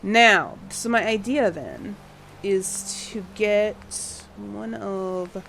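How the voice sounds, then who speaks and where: A woman's voice: medium pitch, lively intonation, drawn-out words, creaky, fairly bright tone, a little hiss or hum. A woman casually commenting while she builds in a video game, thinking aloud and rambling as she goes. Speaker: gaming video creator.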